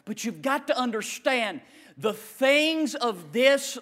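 Male pastor, very high and cutting tone, impassioned sermon delivery with loud peaks and quiet asides. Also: big pitch swings, slow. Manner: impassioned preaching, swings from shouting to hushed asides.

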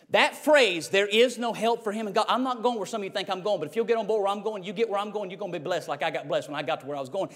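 A man preaching a fiery sermon, rising to shouts and dropping to a low hush. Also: racing, hardly any pauses, big-room sound.

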